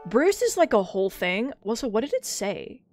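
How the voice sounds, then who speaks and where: A woman game master chatting casually while streaming, animated and self-deprecating. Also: a little high, normal speed, music in the background. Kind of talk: casual chat.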